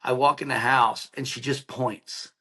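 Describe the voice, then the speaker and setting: Animated middle-aged man telling a story. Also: medium pitch, a little slow. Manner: animated storyteller, acts out quoted dialogue, many "like" and "right?" fillers. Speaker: podcast guest, founder. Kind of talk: emotional personal storytelling in an interview.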